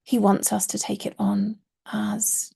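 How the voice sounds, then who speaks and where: Gravelly-voiced woman teaching Arabic. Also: mid-range voice, completely flat delivery, mellow. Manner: earnest, stresses key words with slow emphasis. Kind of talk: explanatory teaching talk.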